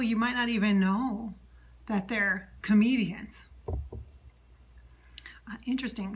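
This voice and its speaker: A woman medium talking alone, chatty, relaying an unseen spirit's words and often dropping to a soft whisper. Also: fairly high pitch, slight background noise. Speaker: psychic medium. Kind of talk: solo channeling monologue.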